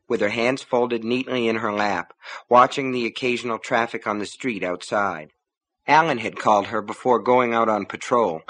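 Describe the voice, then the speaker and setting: A man's voice: medium pitch, sharp tone. Man narrating an audiobook. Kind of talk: scripted narration.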